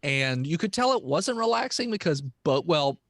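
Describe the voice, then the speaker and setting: A man with a fairly high, lively voice chats as a podcast guest, hesitant and full of "like" and "I don't know." The sound is dry and close to the mic. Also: normal speed, dry recording. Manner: lots of short agreeing backchannels, hesitant. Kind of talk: casual movie chat.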